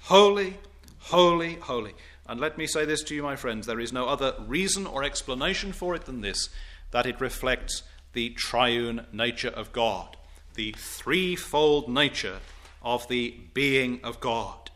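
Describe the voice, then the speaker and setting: Male preacher, slow unhurried delivery, bright voice, formal old-style sermon, emphatic on scripture. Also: medium pitch. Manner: slow, deliberate, emphatic preaching with rising declamation on quotes; formal, old-fashioned wording.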